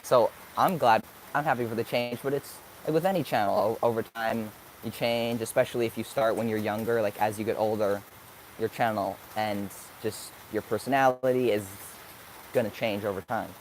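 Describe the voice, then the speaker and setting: A man's voice: on the low side, steady tone, normal speed, a little hiss or hum. A young man in his late teens answering viewer questions on a live stream, upbeat and thinking aloud as he searches for words. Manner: upbeat, sometimes hyper. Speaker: vlogger.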